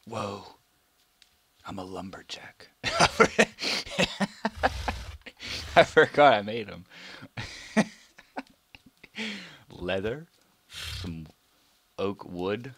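A young man giving casual gameplay commentary, excitable, swearing now and then and muttering asides under his breath. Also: on the low side, very slow, long pauses, breathy edge, no room sound. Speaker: let's play gamer.

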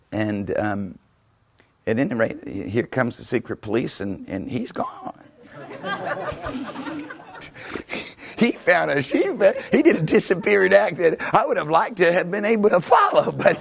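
A man, a pastor, preaching a teaching sermon with animated storytelling, laughing often and breaking into shouts. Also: mid-range voice, vocal fry.

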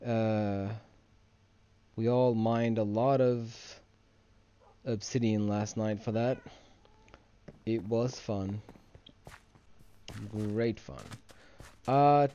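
A drowsy man drifts through loose gameplay commentary, wandering from one thing to the next. His voice is dark and gravelly with a lot of fry, and he speaks slowly. He sounds like he has been yawning all day. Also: mid-range voice, highs cut off. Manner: rambling, drowsy, easily distracted. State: sleepy, yawning. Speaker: gamer and video host.

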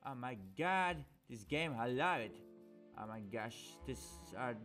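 A man commentates his gameplay casually, sarcastic and fond of swearing. He speaks at a slow, unhurried pace. Faint game music plays behind him. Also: medium pitch. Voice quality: sarcastic, mock-excited, swears a lot.

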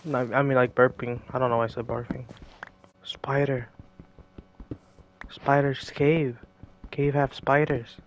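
A man giving casual gameplay commentary, jokey and excitable, talking to himself and to the game's creatures. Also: mid-range voice, unhurried, long pauses, a little hiss or hum.

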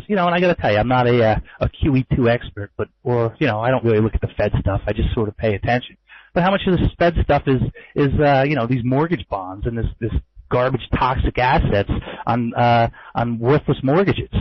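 In a casual market commentary webinar, a forex trader and trading educator chats loosely about the markets, with many fillers, restarts and wry jokes. He speaks fairly quickly and expressively in a mid-pitched voice, close to the mic. The audio is dull and muffled with no room echo at all.

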